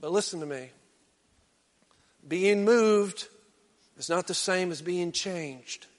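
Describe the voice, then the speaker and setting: A male pastor preaching a sermon, swinging from loud exhortation down to hushed, intense near-whispers. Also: high-pitched, slow pace, big-room sound.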